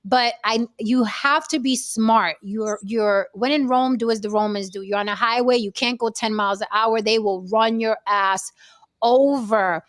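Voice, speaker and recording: Brief: expressive actress on a panel, dramatic delivery, bright higher register, dry close sound. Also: female voice, moderate pace, no room sound. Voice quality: animated and theatrical, swears freely. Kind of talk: casual panel chat.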